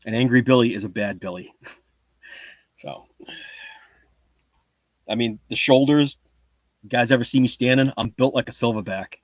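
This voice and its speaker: A man's voice: medium pitch, moderate pace, long pauses, dry recording, muffled recording. A man chatting casually on a livestream, reading the chat and rambling in a boastful, joking way. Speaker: livestream host.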